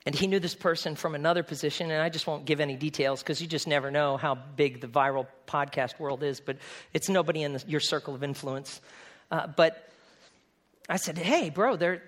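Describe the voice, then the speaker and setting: A man from New England preaching a sermon in a conversational, animated way, acting out quick asides. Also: fairly high pitch. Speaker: pastor.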